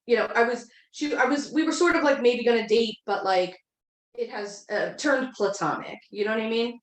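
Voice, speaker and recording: Brief: woman, 30s, higher voice, rambling podcast storyteller, roomy echo. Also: normal speed. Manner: rambling, full of "like" fillers. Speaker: podcast co-host. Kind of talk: casual storytelling. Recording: echoey room.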